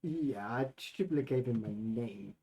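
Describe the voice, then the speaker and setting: A man voicing his own character in a tabletop game, halting and hesitant. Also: medium pitch, lively intonation, dark tone, low-quality recording. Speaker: player.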